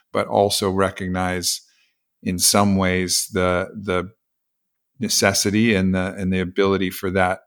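A man thinking aloud on a philosophical podcast, rambling and thoughtful. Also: sits low. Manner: thoughtful, rambling, many fillers.

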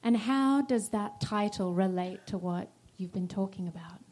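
A woman's voice: mid-range voice, moderate pace, a little mellow. A woman interviewing a guest in a live on-stage conversation, asking questions in a conversational way.

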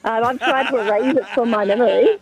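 A woman's voice: on the high side, brisk. A young woman calling into a radio show, telling a story with eager enthusiasm. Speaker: caller. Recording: muffled phone line.

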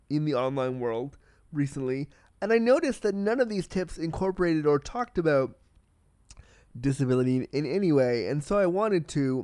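A man hosting a solo podcast in a casual, candid and excitable way, swearing freely and talking with a slight cold. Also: on the high side, no echo. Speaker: podcast host.

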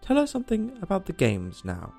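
A gruff, impatient griffin barks orders and scolds in a storybook tale, as a man puts him on. The voice is gravelly, with lively swings in pitch. He sounds brusque and short-tempered. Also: fairly quick, faint music behind.

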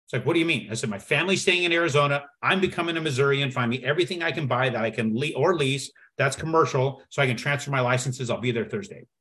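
Animated male storyteller on a podcast. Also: medium pitch, quick pace, few pauses. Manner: animated storyteller acting out dialogue. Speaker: podcast guest. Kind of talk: storytelling in conversation.

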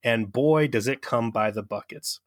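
A young adult man talks through a TV episode with his co-host, animated and profane. He slips into mocking quoted voices as he tells the story. His mid-pitched voice sounds close and dry. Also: moderate pace, no room sound. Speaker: podcast co-host. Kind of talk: casual episode recap chat.

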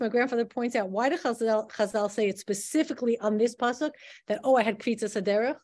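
A woman teaching a lesson on the weekly Torah portion, explaining with animated rhetorical questions and frequent restarts. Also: mid-range voice.

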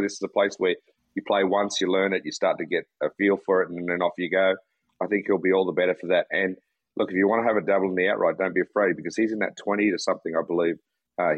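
A man's voice: low voice, husky, no echo, lo-fi sound. A man with an Australian accent, chatting laid-back on a golf betting podcast and rambling through restarts. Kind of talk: casual podcast chat.

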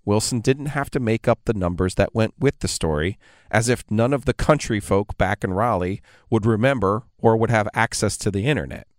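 A man's voice: on the low side, moderate pace, dry recording, studio quality. A man narrating a scripted podcast in a pointed, critical way. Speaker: podcast host.

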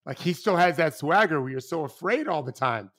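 Rambling, animated man talking basketball. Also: on the high side, brisk. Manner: animated, rambling, restarts often, swears casually. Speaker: podcast guest, former basketball coach. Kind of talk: casual podcast conversation.

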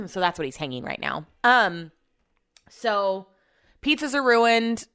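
A young woman hosting a podcast from home, telling a long story in a rambling, casual way and clearing her throat often. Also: medium pitch, very animated, slow, a bit bright. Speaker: podcast host. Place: home with renovation noise nearby.

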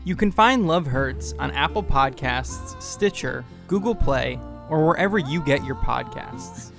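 A man's voice: on the high side, wildly swooping pitch, a little slow, creaky, music in the background. A man hosting a podcast, chatting casually with a guest and reading the outro credits. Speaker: podcast host.

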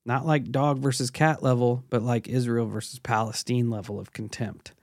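A man's voice: mid-range voice, steady tone, moderate pace, a little mellow, no room sound, clean studio sound. A male podcast host chatting casually and reading a listener's story aloud in a laid-back, profane way.

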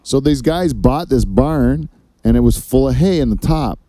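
A male podcast host with a mellow, dark voice tells loose, rambling stories and swears freely. The recording is dry and close. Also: medium pitch, animated, moderate pace, no room sound. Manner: rambling, profane storyteller. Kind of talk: casual comedy chat.

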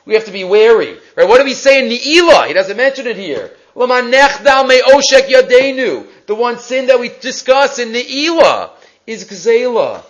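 A man teaching a Torah class, reading Hebrew texts aloud and retelling stories with animated quotes. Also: very high-pitched, moderate pace, poor audio.

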